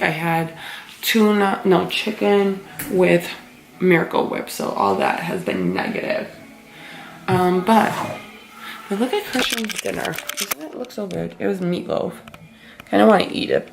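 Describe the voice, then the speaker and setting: Chatty young woman with a gravelly voice. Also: lowish voice, echoey room, noisy background. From Massachusetts. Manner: rambling, animated storytelling with many "like" fillers. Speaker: vlogger. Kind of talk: casual vlog chat. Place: home kitchen.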